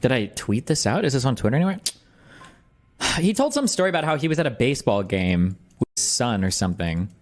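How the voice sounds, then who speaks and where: A man streaming live, reacting to a video with quick, incredulous, sarcastic commentary. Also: medium pitch, sing-song.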